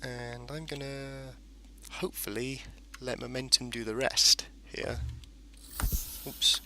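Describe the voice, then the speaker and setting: A man's voice: mid-range voice, little pitch movement, slow pace, bright, forceful tone, a little hiss or hum. A man casually commentating a space game as he plays, rambling and explaining each step. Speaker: gameplay commentator. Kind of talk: casual let's-play commentary.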